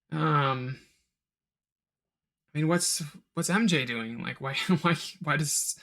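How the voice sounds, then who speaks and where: A man records a solo podcast review of a film in a casual, rambling way. His voice sits a little high, and he talks at an unhurried pace. He keeps breaking off for asides and mock-quotes characters in a raised voice. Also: creaky, sharp tone. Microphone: home recording of a live stream.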